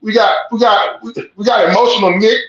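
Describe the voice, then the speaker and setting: A man's voice: high-pitched, fairly even intonation, brisk, fairly bright tone. A man calling in as a guest from a bathroom on a muffled line, rambling and insistent as he defends himself. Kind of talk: casual chat. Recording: echoey, muffled call-in line.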